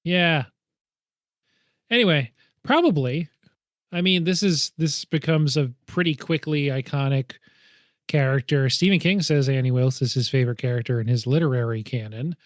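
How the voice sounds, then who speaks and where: Self-deprecating laughs accompany the hedged guesses of a man co-hosting a movie podcast in a casual chat. His medium-pitched voice moves at a moderate pace in a dry, clean studio recording.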